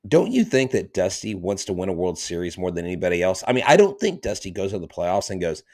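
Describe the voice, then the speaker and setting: Man, low voice, dry close sound, emphatic podcast co-host. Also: brisk, hardly any pauses, no room sound. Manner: emphatic, animated storytelling. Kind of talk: casual sports chat.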